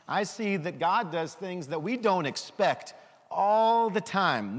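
A man giving a children's sermon, lively and full of questions for the kids. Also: on the high side, big-room sound. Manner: animated, asks children questions.

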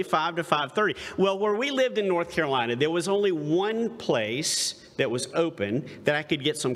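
A middle-aged man preaching a sermon, telling a story with dramatic pauses and rhetorical questions. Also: on the high side, fairly bright tone, big-room sound. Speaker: pastor.

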